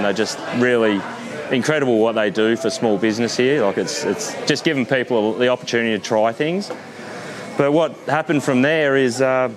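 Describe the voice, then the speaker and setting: A middle-aged man with an Australian accent, the founder of a tour company, telling a story in a relaxed, casual way, with loose swearing and lots of fillers. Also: mid-range voice. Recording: busy crowd noise behind.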